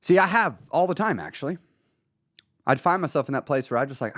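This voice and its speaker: Male live-stream host, blunt and profane, lively pitch, dry mic. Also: fairly quick, pauses often, dry recording. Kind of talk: casual motivational talk.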